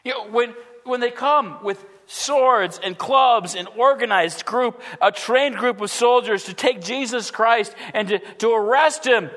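A man's voice: extremely high pitch, measured pace, hardly any pauses, a bit bright. A man preaching a sermon as a pastor, earnest and full of rhetorical questions, acting out the quotes he tells.

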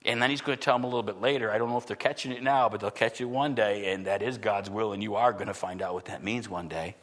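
A middle-aged pastor preaching a sermon earnestly, swinging from forceful lines to hushed ones. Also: male voice, on the low side, fast talker, big-room sound.

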